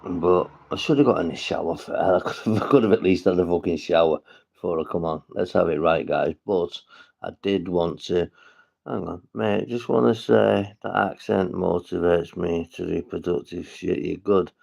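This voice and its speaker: A man's voice: deep voice, normal speed, vocal fry, a little mellow, slightly rough. A man from St Helens with a northwest English accent, rambling and swearing as he chats to viewers on a casual livestream. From St Helens, England.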